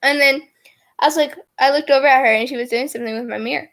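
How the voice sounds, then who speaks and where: High-voiced giggly young woman rambling. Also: fairly even intonation, fast, a bit bright. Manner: giggly, rambling, heavy use of filler words. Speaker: vlogger. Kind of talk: casual storytime chat.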